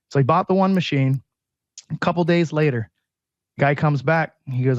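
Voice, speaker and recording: A chatty man pitching his product with story after story, acting out what his customers said. His voice sits a little high and sounds dry and close, but dull and muffled, as if it came over a remote link. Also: fairly quick, a little mellow, dry recording. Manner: chatty storyteller, repeats "he goes". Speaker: air purifier company president. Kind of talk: sales pitch with anecdotes.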